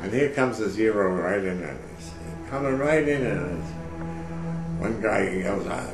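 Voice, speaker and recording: Telling his memories in a casual oral history, a war veteran rambles with lots of fillers and acts out shouted orders. The older man's fairly low voice is animated and unhurried. The low-quality recording sounds echoey, with loud music over it.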